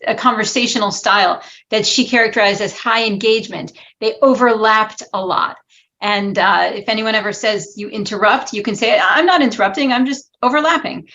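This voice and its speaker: A woman academic speaks at an ordinary pitch over a slightly dull, muffled video-call line. She explains research findings in a clear, lecturing manner with a touch of humor. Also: fairly bright tone. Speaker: linguistics expert panelist.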